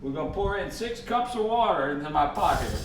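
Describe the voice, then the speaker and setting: A man's voice: fairly high pitch, expressive, a little fast. A man with a Cajun accent hosting a cooking video, telling folksy jokes as he cooks. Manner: folksy, joking storyteller. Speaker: cooking show host. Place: home kitchen. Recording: echoey kitchen, faint background hum.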